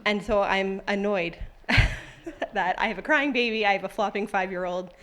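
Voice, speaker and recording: A woman's voice: mid-range voice, normal speed, fairly bright tone. A woman in her thirties at a church service, sharing a personal testimony in a conversational, heartfelt way and then reading scripture aloud. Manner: conversational and heartfelt, with many fillers.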